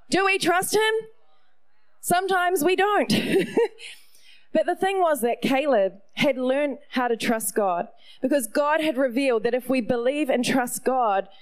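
High-pitched New Zealand woman preaching. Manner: animated, playful storyteller with asides. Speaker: pastor. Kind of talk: sermon with storytelling.

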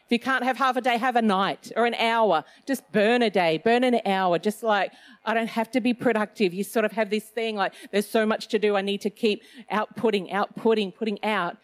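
A woman's voice: mid-range voice, moderate pace. A middle-aged woman giving a casual Christian talk, chatty and self-mocking, with loose phrasing and plenty of fillers. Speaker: Christian speaker.

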